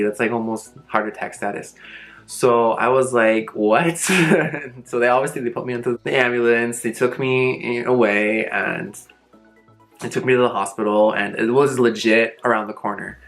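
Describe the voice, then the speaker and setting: A young man casually telling a storytime vlog, animated and full of fillers and the odd swear word. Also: mid-range voice, normal speed, soft background music, poor audio. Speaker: vlogger.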